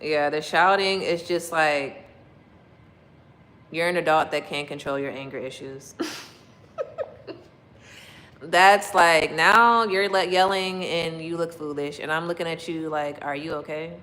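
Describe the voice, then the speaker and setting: A woman's voice: low voice, unhurried, pauses often, fairly bright tone, poor audio. A woman chatting casually with her viewers from her home kitchen, laughing often and acting out quotes as she talks. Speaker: livestream host chatting with viewers. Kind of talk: casual chat.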